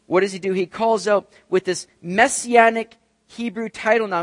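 A male pastor reading scripture aloud and preaching an expressive sermon. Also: sits high, normal speed, no echo. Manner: expressive, acts out quoted voices.

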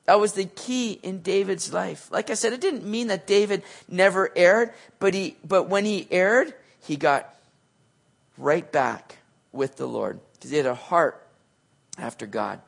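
Male pastor, sermon, casual slangy delivery, animated, high voice. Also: a little slow, creaky. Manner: casual, animated, slangy, swings loud and soft.

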